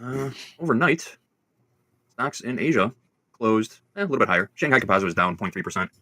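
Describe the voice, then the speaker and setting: A man's voice: medium pitch, animated, a little fast, bright, forceful tone, dry recording. A man with a Chicago accent hosting a live trading stream, reading market numbers and joking with co-hosts.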